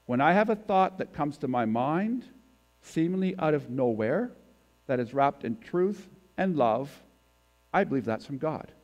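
A man's voice: on the high side, animated, unhurried, a little mellow, lo-fi sound. A man giving a sermon as a guest preacher, talking in a conversational way and putting questions to the congregation. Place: church sanctuary.

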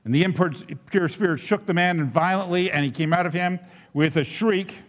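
A man preaching a sermon, telling the story in an animated way with frequent restarts. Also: high-pitched, normal speed, long reverb tail, highs cut off. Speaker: pastor.

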